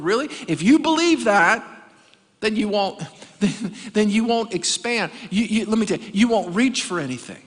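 A man's voice: high-pitched, sing-song, moderate pace, fairly bright tone. A male pastor preaching a sermon, emphatic and calling on the congregation to answer back. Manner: emphatic preaching, calls for audience responses. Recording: long hall reverb.

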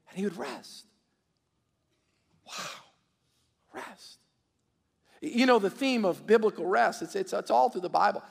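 High-voiced preacher in a reverberant hall. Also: male voice, moderate pace, gravelly, pauses often. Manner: call-and-response preaching, repeats words. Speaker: pastor. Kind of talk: sermon. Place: church sanctuary.

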